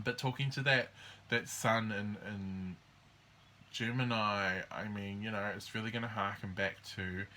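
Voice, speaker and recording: Over a faint hiss or hum, a man with a lowish, bright voice and forceful tone leads a relaxed tour of the astrology signs. He stumbles along with frequent ums and false starts, voicing each sign in rapid little impressions.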